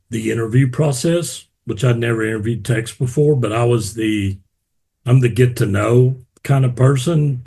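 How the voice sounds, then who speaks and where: A man hosting a casual interview, with a husky, slightly rough voice. He tells stories with energy and acts out the other people in them. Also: medium pitch. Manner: animated storyteller, acts out quotes. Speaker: podcast host.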